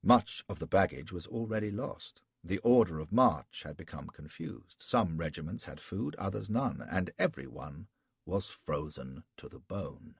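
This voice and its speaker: A man's voice: low-pitched, expressive, moderate pace, vocal fry, husky, no room sound. A man narrating an audiobook in the first person, in a wry, sardonic storytelling manner.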